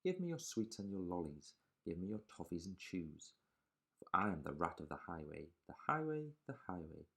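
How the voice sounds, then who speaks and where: Swaggering rat highwayman done by a man, greedy, gruff, husky, low. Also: big pitch swings, moderate pace, sharp tone, full character voice.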